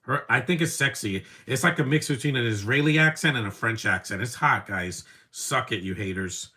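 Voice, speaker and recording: A man's voice: medium pitch, moderate pace, bright, forceful tone. A man giving casual live commentary over a movie, rambling from one opinionated aside to the next.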